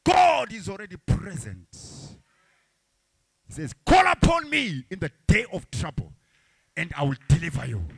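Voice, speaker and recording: Male pastor, high bright voice, chanting fervent sermon, dry close sound. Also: huge pitch swings, unhurried, creaky, husky, dry recording. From Africa. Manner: fervent preaching with chanted, sung phrases and shouts.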